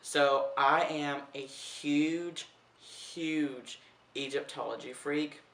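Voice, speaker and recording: A man's voice: a little high, fairly even intonation, very slow, a bit bright. A young man vlogging in a casual, chatty way, full of "like" and swearing freely. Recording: roomy echo, heard from a distance.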